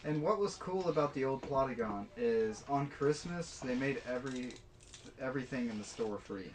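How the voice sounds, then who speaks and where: A man co-hosting a casual podcast about his own animated series, laughing often between quick remarks. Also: mid-range voice. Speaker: podcast co-host and series creator. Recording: distant mic with clear background noise.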